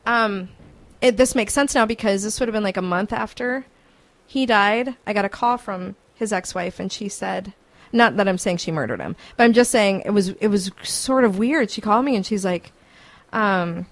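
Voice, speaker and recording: A woman hosting a morning radio show, telling a story in an animated, chatty way. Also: mid-range voice, moderate pace. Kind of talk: casual radio chat, storytelling. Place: radio studio.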